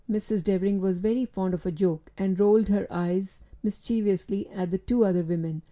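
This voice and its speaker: A woman narrating a storybook in a steady, clear reading voice. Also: medium pitch, fairly quick, few pauses. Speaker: audiobook reader.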